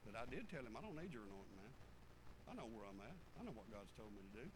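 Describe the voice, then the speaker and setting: A man preaching a folksy sermon, swinging from fervent loud passages to low muttered asides. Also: very animated, quick pace, background noise.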